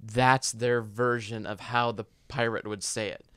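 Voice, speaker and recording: A man's voice: mid-range voice, flat delivery, unhurried, a bit bright, smooth, no room sound, studio quality. A man co-hosting a casual podcast chat, building his arguments from examples. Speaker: podcast co-host and editor.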